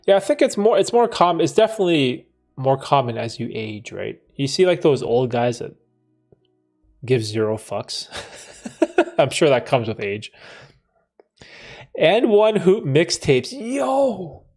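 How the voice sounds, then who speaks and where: A man in his thirties hosting a live stream, reading out chat comments and answering them in a relaxed, chatty way, laughing often and restarting his sentences. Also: mid-range voice, normal speed, soft background music. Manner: laid-back, laughs often, trails off and restarts. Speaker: livestream host answering chat.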